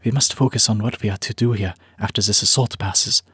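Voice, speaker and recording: A man's voice: on the low side, fairly even intonation, fairly quick, sharp tone, slightly rough, dry recording, studio quality, full character voice. A man doing a stern uncle with a German accent. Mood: matter-of-fact. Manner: matter-of-fact, clipped.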